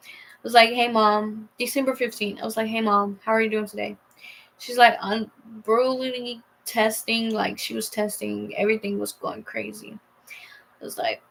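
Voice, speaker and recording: A young woman telling a personal story in a casual vlog, rambling and halting as she reads out old texts. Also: medium pitch, vocal fry, fairly bright tone, slight background noise, poor audio. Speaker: vlogger.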